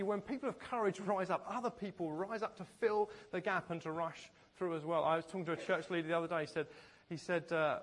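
A man preaching a sermon as pastor, telling stories in a conversational way and often laughing. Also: on the high side.

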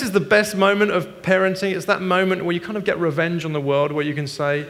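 A middle-aged man preaching a sermon as pastor, moving between hushed, earnest passages and animated, laughing stories. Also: high voice, fairly quick, few pauses. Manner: animated storytelling with laughs and shifts from hushed to loud. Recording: long hall reverb.

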